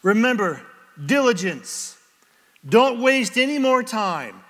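Delivering a sermon before his congregation, this pastor speaks in a bright, high male voice and performs animatedly, switching into brief character voices to dramatize small scenes. The big sanctuary gives the recording a long, trailing reverb.

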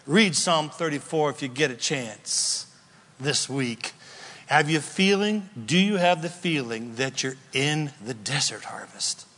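A male pastor preaching a sermon, emphatic, full of rhetorical questions, sometimes shouting. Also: fairly high pitch, long reverb tail.

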